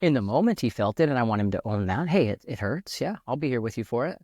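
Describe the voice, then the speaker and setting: A man's voice: mid-range voice, lively intonation, fast, a little mellow, dry recording. Earnest man musing in a dry room. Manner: earnest, thinks aloud with restarts. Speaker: podcast guest. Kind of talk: reflective casual conversation.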